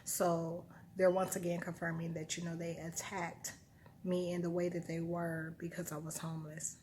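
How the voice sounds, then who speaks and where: Woman, lowish voice, rambling monologue, musing, self-correcting, faint background noise. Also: completely flat delivery, normal speed, darkish tone. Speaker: vlogger.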